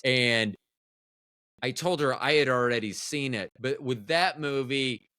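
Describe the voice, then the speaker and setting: A man's voice: medium pitch, measured pace, pushed and bright, smooth, no room sound, clean studio sound. A man in his fifties, a film producer guest on a podcast, talking in a rambling, enthusiastic way with many restarts. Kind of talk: casual podcast chat.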